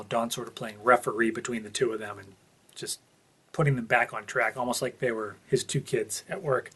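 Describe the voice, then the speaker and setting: A man with a mid-pitched, slightly husky voice gives a casual spoken review of a TV episode. He is earnest and opinionated, working out his thoughts aloud as he talks. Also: fairly bright tone.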